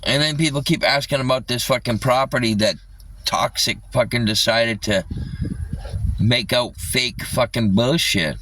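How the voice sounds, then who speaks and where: A man's voice: mid-range voice, measured pace, bright, forceful tone, slight background noise. A man livestreaming an agitated rant, swearing constantly, with his voice a little distant from the mic.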